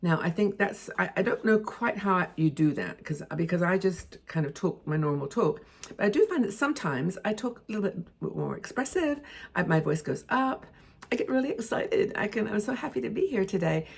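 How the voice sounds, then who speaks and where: A woman in her sixties hosting a lifestyle video, giving tips in a chatty, expressive way to camera. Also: fairly low pitch, normal speed, husky. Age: 60s. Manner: chatty and expressive, with frequent fillers and asides. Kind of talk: casual tips talk to camera.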